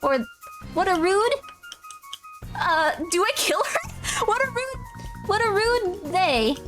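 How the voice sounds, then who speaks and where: A woman's voice: very high voice, big pitch swings, slow, over music. A young woman streaming a game, bubbly and rambling, giggling and chatting with viewers. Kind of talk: casual let's-play chat.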